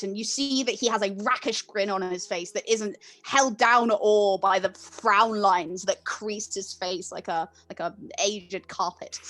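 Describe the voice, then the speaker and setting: Woman narrating as game master. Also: mid-range voice. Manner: relaxed, filler-heavy narration.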